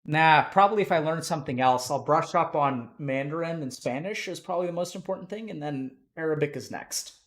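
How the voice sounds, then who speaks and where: A man's voice: a little high, brisk, hardly any pauses, a bit bright. A young man from Texas, chatting casually and joking around with his live-stream audience as host. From Texas, USA.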